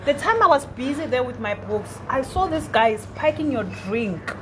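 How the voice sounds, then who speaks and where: A woman's voice: high voice, lively intonation, normal speed, a little hiss or hum, poor audio. A woman playing a waiter, soothing and repeating reassurances in a scripted skit.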